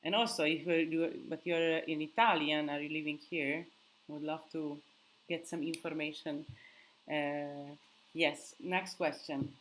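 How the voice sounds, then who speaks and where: A woman's voice: deep voice, flat delivery, a little slow, low-quality recording. A sleep-deprived young woman hosts a casual live Q&A. She answers viewer questions, thinking aloud and hunting for words.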